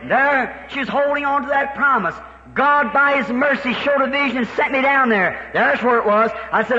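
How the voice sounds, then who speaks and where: A man preaches in a very high, bright, ringing voice. He tells his story with fervor, rushing ahead and then slowing down. The recording is dull and lo-fi, with a long reverb from the hall. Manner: storytelling, fervent, speeds up and slows down. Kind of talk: sermon.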